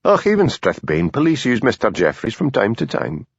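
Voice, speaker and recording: A man voicing a patient, dry-witted police constable with a Scottish Highland accent. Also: wildly swooping pitch, normal speed, creaky, breathy edge, dry recording, exaggerated voice. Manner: mild, patient, blunt when annoyed. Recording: dull lo-fi audiobook recording.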